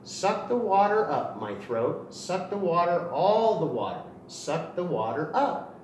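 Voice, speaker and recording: Storybook role: a man putting on a plucky little rooster, loud and shrill, that crows and demands its due, with lively leaps in pitch; echoey room, mic set back. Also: unhurried. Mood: chanting. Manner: shrill crowing, insistent demands. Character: small plucky male rooster, stubborn and loud. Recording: roomy echo, distant mic, faint noise.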